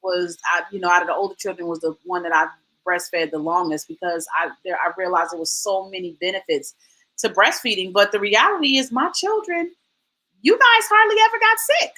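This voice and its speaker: A woman in her forties hosting a casual chat, telling lively stories and acting out quotes. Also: fairly low pitch, fairly quick, low-quality recording. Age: 40s. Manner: animated storytelling, acts out quotes. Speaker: host.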